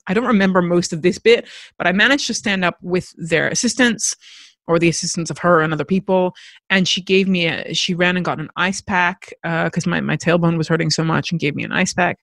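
A woman telling a personal story on her podcast, candid and reflective, with a creaky, gravelly voice. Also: fairly low pitch, a little fast, a bit bright, dry recording. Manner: candid, reflective, with frequent restarts. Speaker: podcast host.

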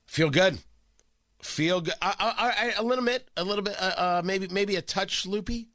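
A man hosting opinionated political talk radio, sarcastic and animated, often repeating and restarting his words, a little stuffy from a cold. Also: high voice, normal speed, no echo, clean studio sound. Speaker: radio talk show host.

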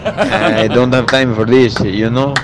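A man's voice: mid-range voice, steady tone, unhurried, crowd noise. A man calling in, bluntly scolding the group in a rambling way.

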